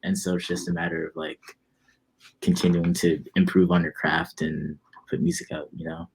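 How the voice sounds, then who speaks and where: A young man in his twenties, a musician guest in a casual interview, talking in a relaxed, rambling way with lots of fillers. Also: low-pitched, normal speed, vocal fry, a little hiss or hum.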